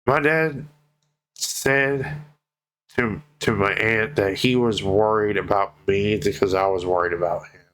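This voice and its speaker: Emotional young man, low voice. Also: a little slow, a bit bright. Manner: emotional, heartfelt, casual and profane. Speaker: vlogger. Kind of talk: personal vlog update.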